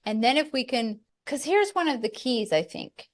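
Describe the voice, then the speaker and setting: A woman's voice: on the high side, expressive, moderate pace. A middle-aged woman hosting a podcast, talking candidly and reflectively in casual chat, with light laughs now and then. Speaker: podcast host.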